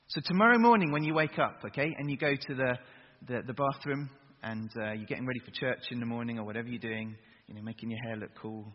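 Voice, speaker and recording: Husky preacher in a big hall. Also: male voice, medium pitch. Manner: energetic, gets the crowd to chant along. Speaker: youth preacher. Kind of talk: sermon to young people. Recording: dull echoey hall recording.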